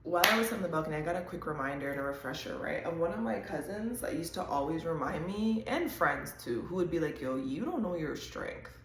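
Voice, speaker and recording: In a slightly low voice, a female host talks viewers through a casual intuitive reading, chatty and animated with frequent quick asides. There's a faint hum of room ambience and a clear echo.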